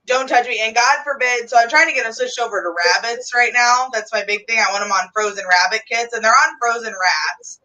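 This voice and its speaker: Bright chatty woman, off-mic. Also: on the high side. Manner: chatty, laughs often. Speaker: reptile livestream host. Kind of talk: casual chat. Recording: distant from the mic.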